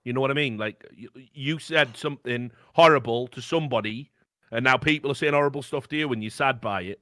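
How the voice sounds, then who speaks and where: A man's voice: medium pitch, brisk, pushed and bright, no echo. Rambling, profane man with a dry sound. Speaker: podcast co-host. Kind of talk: casual podcast chat.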